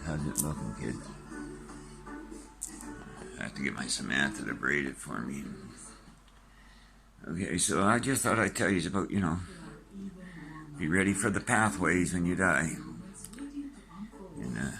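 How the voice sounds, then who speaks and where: Very deep gravelly older man. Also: expressive, measured pace, pauses often, music in the background. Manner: wry, joking about dying. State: short of breath. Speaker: vlogger. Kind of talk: casual talk to camera.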